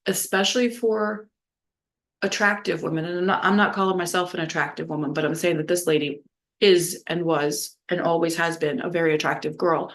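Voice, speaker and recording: A woman's voice: on the low side, steady tone, fairly quick. A woman from New Orleans telling a candid personal story, rambling with lots of "like" and blunt swearing. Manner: rambling, heavy use of "like", blunt and profane. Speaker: vlogger.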